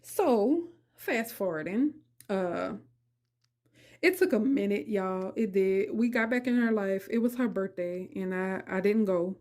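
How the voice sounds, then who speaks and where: A woman's voice: mid-range voice, lively intonation, unhurried, a little mellow. A middle-aged woman hosting a podcast, telling a personal story in an emotional, conversational way and speaking straight to her listeners. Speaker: podcast host.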